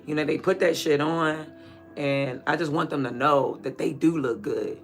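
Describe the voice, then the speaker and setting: A man's voice: on the high side, steady tone, a little slow, vocal fry, fairly bright tone, faint music behind. A man chatting casually and candidly in a rambling, slangy way while watering plants. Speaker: vlogger.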